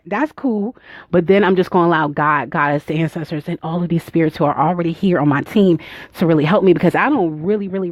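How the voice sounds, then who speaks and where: A woman's voice: fairly low pitch, a little mellow, dry recording. A young woman giving an informal spiritual healing talk, emotional and close to tears, laughing and addressing her listeners directly. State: near tears. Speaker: spiritual healer.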